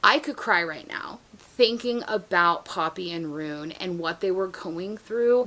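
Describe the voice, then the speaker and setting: A young woman chatting casually as a book vlogger, gushing and laughing often as she reviews her favorite reads. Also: mid-range voice.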